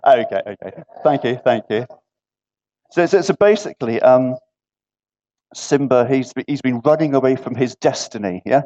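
A man's voice: mid-range voice, lively intonation, normal speed, a little mellow. A man preaching an interactive sermon in a church gathering. He keeps asking the listeners questions and checks in with repeated "yeah". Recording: dull lo-fi recording.

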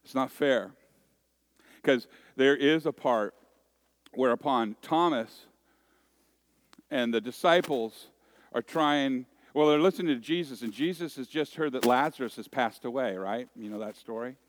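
A man's voice: mid-range voice, unhurried. A man in his forties preaching a conversational sermon, joking and self-deprecating as he tells stories. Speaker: pastor.

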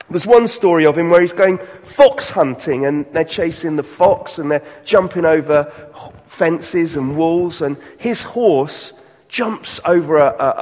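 Male pastor, earnest unhurried sermon delivery, bright-ish voice, church reverb. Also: fairly high pitch. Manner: earnest preaching, slows and softens on key lines.

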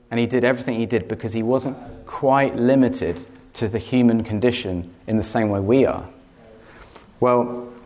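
A man's voice: mid-range voice, a little mellow. Earnest male preacher, laughing easily. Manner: earnest, repeats words for stress, laughs easily. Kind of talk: teaching talk with personal story.

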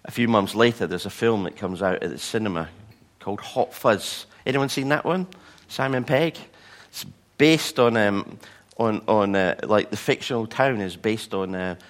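Vicar guy, lowish voice, chatty sermon stories, does little voices for people. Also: normal speed, hardly any pauses. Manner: storytelling, animated voices for quoted people. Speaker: pastor.

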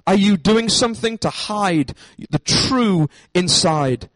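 A man's voice: sits high, lively intonation, slow, a bit bright, no echo, low-quality recording. A man preaching a sermon in a church, emphatic and repeating his key phrases. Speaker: pastor.

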